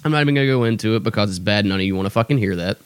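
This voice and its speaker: A man's voice: fairly low pitch, very fast, clear, resonant tone, no echo. A young man hosting a podcast, a stand-up comic ranting in a profane, exasperated, self-deprecating way. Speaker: stand-up comedian and podcast host. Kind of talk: ranting casual monologue.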